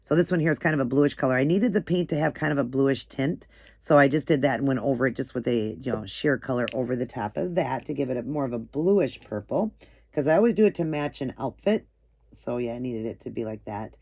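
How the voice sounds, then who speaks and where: A woman's voice: extremely low pitch, a little fast, creaky, a little mellow, husky. A middle-aged woman hosting a nail art channel, talking in a rambling, casual way and often repeating herself. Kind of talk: casual tutorial chat.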